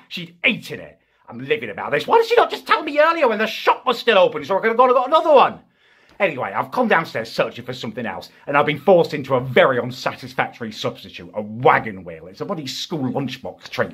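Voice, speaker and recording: A man's voice: medium pitch, sharp tone, slightly rough, exaggerated voice. A young British man playing a petty, self-pitying vlogger who rants in a whiny, aggrieved way, always tagging on "right?". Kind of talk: ranting comedy character vlog.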